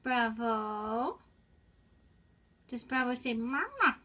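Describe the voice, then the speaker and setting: A woman's voice: high-pitched, lively intonation, takes it slowly, long pauses, slightly rough. Sing-song woman coaxing her pet. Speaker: cat owner filming her pet. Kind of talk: home video, talking to a pet. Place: at home. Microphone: handheld camera.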